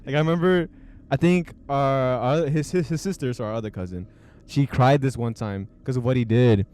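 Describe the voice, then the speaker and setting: A man's voice: medium pitch, normal speed, darkish tone. A young man hosts a casual podcast in an everyday mid-range voice. He tells stories loosely, with plenty of filler words and frequent laughs along the way. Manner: rambling, filler-heavy storytelling with frequent laughs. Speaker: podcast host. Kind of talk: casual chat.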